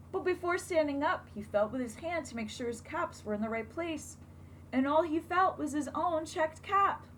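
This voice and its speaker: Lively woman reading a children's story. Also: high voice, a little hiss or hum, poor audio. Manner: expressive, asks the children questions. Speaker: teacher. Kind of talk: reading a picture book aloud to children.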